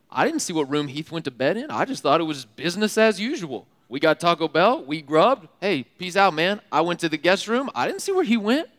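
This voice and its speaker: A young man giving a sermon as a youth speaker, telling funny stories in an animated, laughing way with casual slang. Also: fairly high pitch. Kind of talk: storytelling sermon. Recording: long hall reverb.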